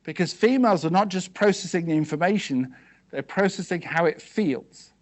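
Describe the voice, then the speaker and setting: A man giving a seminar talk to a live audience, asking them quick questions and checking in with "okay" and "yes?" as he goes. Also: high-pitched. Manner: conversational, peppered with "okay" and "yes?". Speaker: seminar speaker.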